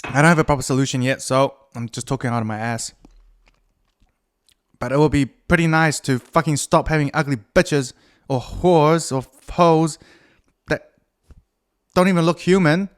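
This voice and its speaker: A New Zealand man with a fairly high voice hosts a solo podcast at a normal speed, leaving long pauses. His rambling monologue is crude, meandering and self-mocking, full of fillers and restarts.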